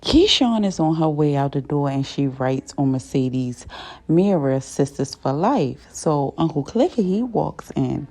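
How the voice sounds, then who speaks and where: A woman casually recapping a TV episode, retelling scenes with quick quoted dialogue and her own side comments. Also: sits low, lively intonation, darkish tone, dry recording.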